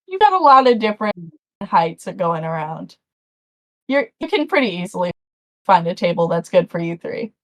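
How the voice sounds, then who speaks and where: A woman narrating a tabletop game as game master, chatty and rambling with frequent restarts. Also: a little high.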